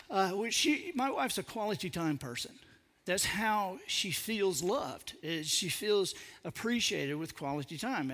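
A man giving a humorous storytelling talk to an audience, animated and self-mocking, using colloquial speech full of stammering restarts. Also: sits high. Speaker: public speaker.

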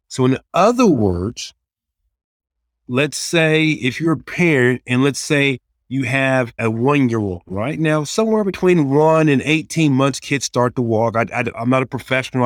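A man talks in an earnest, practical way, often slipping into little acted-out quotes of prayers and teenagers. His voice sits at a middle pitch for a man, and the sound is dry and close, with no room around it. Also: normal speed, dry recording. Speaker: youth ministry leader. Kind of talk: casual podcast advice.

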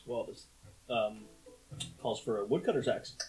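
A man's voice: medium pitch, a little slow, a little mellow, faint music behind, rough recording. A man playing a tabletop game, casually thinking aloud with hesitations and fillers. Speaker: player.

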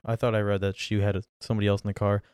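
Fast-talking man with a smooth, mellow voice. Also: lowish voice, level tone, dry recording, clean studio sound. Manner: quick, apologetic, hesitant. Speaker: podcast co-host. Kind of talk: casual chat.

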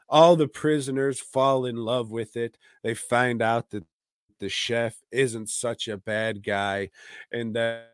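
A man's voice: medium pitch, no echo, clean studio sound. A man co-hosting a podcast, retelling a film in a rambling, profane way with lots of fillers. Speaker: podcast co-host. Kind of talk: casual comedic chat.

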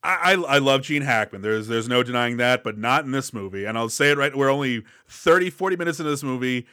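A man co-hosting a casual movie podcast, opinionated and sarcastic, tossing in quick impressions. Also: mid-range voice, lively intonation, pushed and bright, clean tone, no echo, studio quality. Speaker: podcast co-host. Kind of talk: casual movie review banter.

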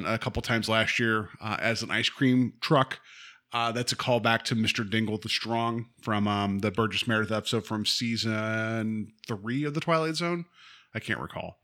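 A man's voice: medium pitch, bright, forceful tone. A man co-hosting a podcast, chatting casually and laughing as he recaps a TV episode over a video call. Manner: chatty, laughs often, acts out quotes. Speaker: podcast co-host.

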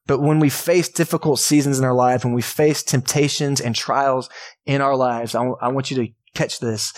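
A man as pastor giving a sermon in a church, talking in a casual, conversational way and asking the congregation questions. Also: mid-range voice.

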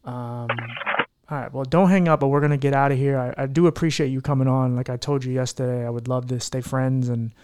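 A man's voice: medium pitch, fairly even intonation, a little fast, noisy background. A man hosting a podcast in casual chat, talking in an earnest, heartfelt, rambling way. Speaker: podcast host.

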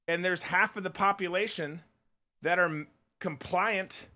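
A man's voice: sits high, a little slow, sharp tone. A man co-hosting a podcast, ranting bluntly and sarcastically in political commentary. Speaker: podcast co-host.

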